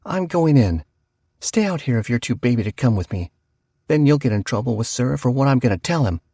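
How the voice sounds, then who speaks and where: A man's voice: mid-range voice, expressive, a little fast, dark tone, breathy edge, no room sound, studio quality. A man voicing a bossy big-sister girl. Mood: taunting. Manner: bossy, threatening.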